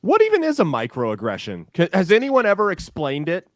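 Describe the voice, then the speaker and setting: A man's voice: high-pitched, wildly swooping pitch, brisk, no room sound. Podcast guy chatting loose, swears a lot, dry close mic sound. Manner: laid-back storytelling, swears freely, laughs often. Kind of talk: casual podcast chat.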